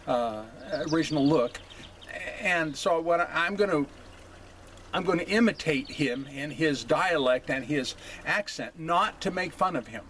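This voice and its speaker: A man hosting a casual opinion monologue. He talks haltingly, with many fillers, and keeps checking in with "okay?". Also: on the high side, fairly bright tone, slight background noise. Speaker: host.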